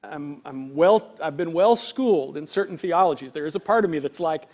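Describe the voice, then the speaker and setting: A man, a pastor, preaching an earnest, conversational sermon full of rhetorical questions, acting out quoted voices with big swings in loudness. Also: on the high side, normal speed, few pauses.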